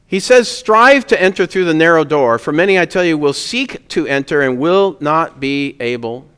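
Male pastor, smooth resonant voice pitched a bit high, earnest sermon delivery, long church reverb. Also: lively intonation, moderate pace, fairly bright tone. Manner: earnest preaching, rising to emphatic peaks on key words.

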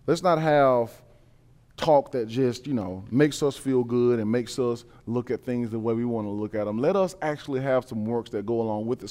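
A man preaching a sermon, reading scripture and building to emphatic, repeated points. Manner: builds from calm reading to loud, high-pitched emphatic preaching.

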